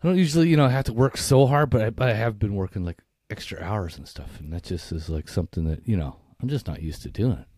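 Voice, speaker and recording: A man with a low, mellow voice co-hosts a podcast in loose, profane chat. He stammers and restarts his sentences, sounding tired from early morning. His voice sits close to the mic in a dry room. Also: expressive, quick pace, hardly any pauses, husky, dry recording. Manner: swears freely, restarts and stammers. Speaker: podcast co-host. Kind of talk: casual chat.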